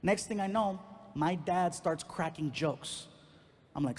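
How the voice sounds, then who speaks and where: A male stand-up comedian telling a personal story on stage, animated and acting out each person in it. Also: high voice, slow. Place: comedy stage in a large venue. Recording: live hall with faint noise.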